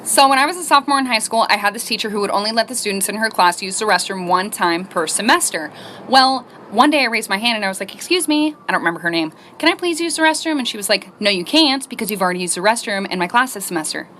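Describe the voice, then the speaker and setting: A woman's voice: medium pitch, fast talker, a little hiss or hum. A woman telling a school story casually and acting out the voices of the people in it. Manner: animated, acts out the people in the story.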